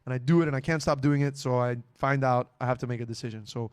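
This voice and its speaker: A young man, a comedian, telling animated stories on a casual podcast and laughing often. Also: medium pitch, quick pace, clear, resonant tone, no room sound. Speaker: comedian guest.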